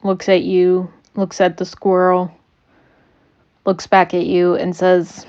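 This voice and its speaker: A woman's voice: fairly low pitch, completely flat delivery, takes it slowly, a little mellow, clean tone, muffled recording. A woman running a tabletop game on a stream who teases her players, laughs often and uses many fillers. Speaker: game master.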